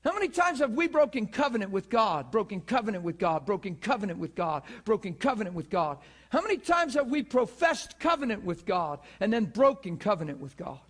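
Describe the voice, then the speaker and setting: A man's voice: sits high, very animated, fairly quick, hardly any pauses, fairly bright tone, breathy edge. A man in his forties preaching a sermon with passion, firing rhetorical questions and acting out what people say. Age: 40s.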